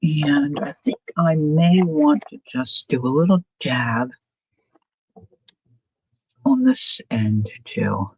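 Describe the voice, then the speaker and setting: A woman's voice: deep voice, animated, takes it slowly, long pauses, darkish tone, slightly rough, no room sound, low-quality recording. A woman leisurely works through a crafting project on a live stream, wondering aloud and checking in with her audience. Her voice has a faint huskiness and sits close and dry on the mic. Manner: chatty, muses aloud, asks viewers questions. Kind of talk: casual crafting demo, thinking aloud.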